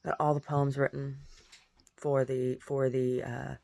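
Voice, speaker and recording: A woman, a painter and poet, chatting casually and at length, rambling softly with many restarts. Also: rumbling low, flat delivery, measured pace, vocal fry. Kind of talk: casual monologue.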